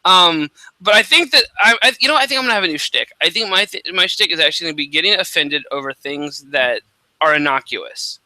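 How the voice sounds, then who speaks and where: A man chats casually on a talk radio show, stopping and restarting his sentences often. His voice is fairly high and very bright, and it is recorded close and dry with no room sound. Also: expressive, no echo, rough recording. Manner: halting, many restarts and fillers. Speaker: podcast co-host. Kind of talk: casual chat.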